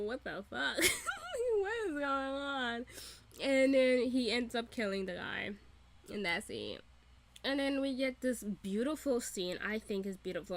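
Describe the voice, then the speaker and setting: A woman vlogger recapping a TV episode in a casual, profane, animated way, often breaking into laughter. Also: medium pitch. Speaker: reaction vlogger. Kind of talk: casual show recap and reaction.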